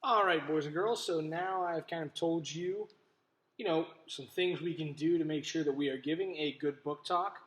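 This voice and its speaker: A male teacher giving a video lesson to young children, speaking in a clear, friendly voice straight to the camera. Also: on the high side, normal speed, fairly bright tone, a little hiss or hum, low-quality recording. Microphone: camera in front of him.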